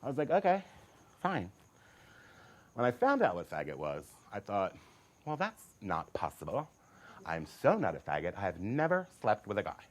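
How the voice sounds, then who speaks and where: A man's voice: on the low side, huge pitch swings, normal speed, slight background noise. Campy man telling a comic story. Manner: theatrical, acts out voices with big swings; campy, sassy asides.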